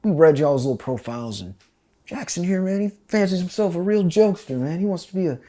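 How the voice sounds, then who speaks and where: A man voicing a loud, mocking male army drill sergeant who taunts a recruit. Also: lively intonation, quick pace. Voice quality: booming and taunting.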